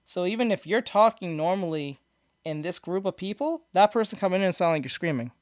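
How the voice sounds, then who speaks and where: Brisk and high-voiced, a man streams live, answering viewers with lively intonation and rambling explanations. He often starts sentences over and laughs at his own humor. The desk-mic audio is studio quality with no echo.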